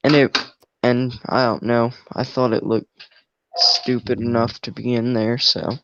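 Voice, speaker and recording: A young man co-hosting a livestream, making dark jokes in a flat, deadpan way. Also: medium pitch, a little slow, no room sound, lo-fi sound. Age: teens or young adult. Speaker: livestream co-host. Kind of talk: casual livestream chat.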